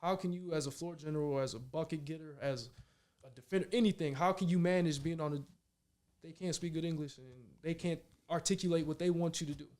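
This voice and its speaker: A pro basketball player in his thirties from Minnesota, United States, is a guest on a casual talk show, chatting in a fairly high-pitched voice at a quick pace. He tells animated stories in loose slang and keeps asking "you know what I mean."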